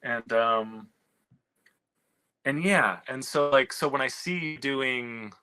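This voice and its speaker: A man with a bright, forceful voice tells a story in a fast, profane ramble, stopping and restarting his sentences. The sound is dry and close, with no room echo. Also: mid-range voice, clean tone. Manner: animated, profane, many restarts. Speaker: screenwriter and comic writer. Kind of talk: candid conversational storytelling.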